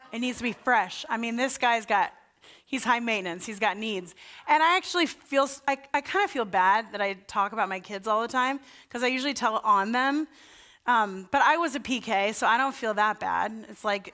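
A woman's voice: on the high side, sharp tone. Woman pastor telling stories from the pulpit. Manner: chatty, story-telling, self-deprecating. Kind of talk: sermon.

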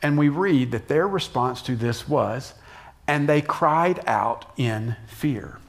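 A middle-aged man giving a conversational sermon as a pastor, dropping soft and low for emphasis and jumping up for acted shouts. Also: lively intonation, takes it slowly, gravelly.

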